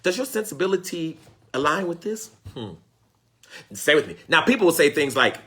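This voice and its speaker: A man's voice: on the high side, very animated, moderate pace, fairly bright tone, husky. A man teaching in a fervent sermon style, calling out to his listeners, repeating phrases for emphasis and pleading to God. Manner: preacherly call-and-response, exclaiming and pleading to God. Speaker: spiritual teacher.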